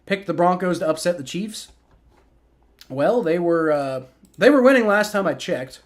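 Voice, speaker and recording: High-pitched and expressive at a moderate pace, a man in his twenties hosts a livestream. He mixes play-by-play with relaxed chat reactions, his talk rambling and dotted with fillers and repeats.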